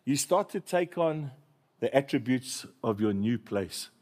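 A man's voice: medium pitch, lively intonation, a little slow, a little mellow. A man preaching a sermon, telling stories with humor and calling on the congregation to repeat after him. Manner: storytelling, humorous, call-and-response with congregation. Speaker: pastor.

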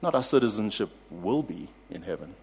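South African accent, male pastor, sermon, husky tone, animated storyteller. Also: lowish voice, fairly quick. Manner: animated storytelling, laughs at own anecdotes.

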